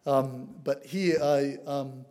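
A man from Lebanon preaching a sermon as a visiting preacher, reading scripture aloud in a loud, earnest way. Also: mid-range voice, fairly even intonation, slow. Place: church.

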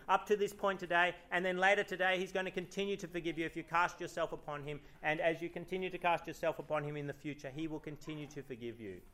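A man's voice: fairly high pitch, fairly bright tone. A man preaching a sermon in church, reading scripture aloud and asking the congregation rhetorical questions. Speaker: pastor.

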